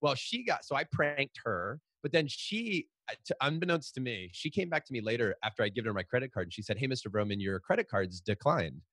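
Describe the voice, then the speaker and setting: Middle-aged male guest, quick animated storyteller, dry close sound. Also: medium pitch, slightly rough, no room sound. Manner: fast, animated storytelling with frequent restarts. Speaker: guest, author. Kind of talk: storytelling in a podcast interview.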